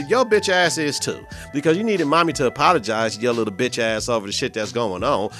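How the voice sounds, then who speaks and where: A podcast host recapping and reacting to a TV drama episode, swearing freely, laughing and acting out the characters' lines. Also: male voice, medium pitch. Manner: profane, animated, laughs often, acts out characters' lines.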